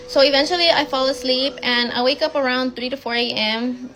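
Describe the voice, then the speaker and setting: Young woman, storytime, fairly high voice, blunt, swears a lot, rushed. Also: fairly even intonation, fairly bright tone, soft background music, rough recording. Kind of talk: casual storytime.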